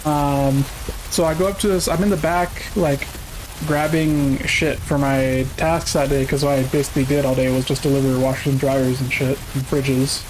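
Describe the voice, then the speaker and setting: A man's voice: mid-range voice, flat delivery, noisy background. A man telling a long, profane workplace story in casual chat with friends. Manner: profane storytelling, quick bursts. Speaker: streamer.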